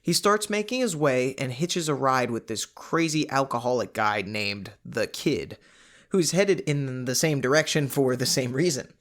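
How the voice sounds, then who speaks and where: Male podcast host, mid-range voice, relaxed book-recap delivery with fillers. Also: mid-range voice, unhurried. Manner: conversational, animated asides, frequent fillers.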